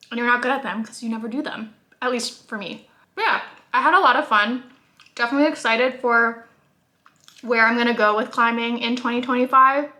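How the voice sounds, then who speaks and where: A young woman with a bright, fairly high voice talks casually to the camera at home. She chats loosely, full of "like" fillers, eating as she goes. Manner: chatty, many "like" fillers, laughs while talking; talking while eating. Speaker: vlogger. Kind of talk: casual vlog talk to camera.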